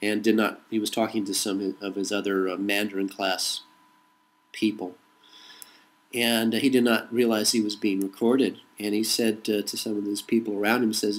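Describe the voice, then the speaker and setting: A man's voice: on the low side, level tone, moderate pace, low-quality recording. A man from the United States delivering a rhetorical political monologue, repeating a refrain between points. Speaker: political commentator. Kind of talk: monologue to camera.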